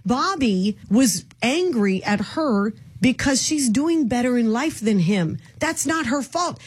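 A woman's voice: on the high side, animated, slow, husky. A middle-aged woman hosting a radio talk show, outspoken and emphatic with strong opinions. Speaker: radio host.

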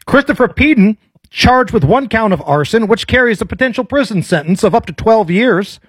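A man's voice: sits high, animated, moderate pace, slightly rough, dry recording. A male talk radio host, bantering playfully and slipping into a mock newscaster delivery.

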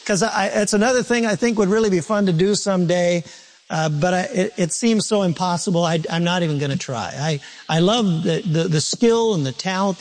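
A man preaching a sermon to a congregation in an animated, conversational way, repeating points and turning to asides. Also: high voice. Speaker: pastor.

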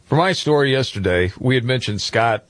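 A man hosting a talk radio show, chatty and quick with reactions and asides at a close studio mic. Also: medium pitch, expressive, fairly bright tone, no room sound. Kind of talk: news talk show chat.

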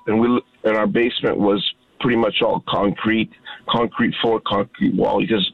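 A man's voice: on the low side, steady tone, moderate pace, vocal fry, no room sound. A man in his fifties calling in to a radio show, telling a heartfelt story with animation. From Canada. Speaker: caller. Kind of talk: phone-in storytelling. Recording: tinny phone line.

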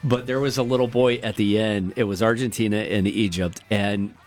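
A man's voice: on the low side, fairly even intonation, normal speed, soft background music. A middle-aged man with a Midwestern American accent, co-hosting a radio show and reading out poll numbers in jokey casual banter. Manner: chatty, jokey, reads poll numbers aloud.

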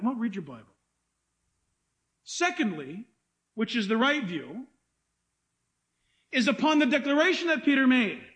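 A middle-aged pastor preaching a sermon with animated delivery, acting out quoted voices. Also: male voice, very high voice, a little slow, pauses often.

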